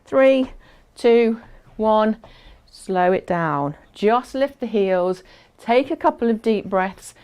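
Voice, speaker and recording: A woman's voice: mid-range voice, animated, takes it slowly, few pauses, darkish tone, clean tone. A woman instructing a fitness class, chatty and encouraging, counting down aloud and a little out of breath as she exercises along.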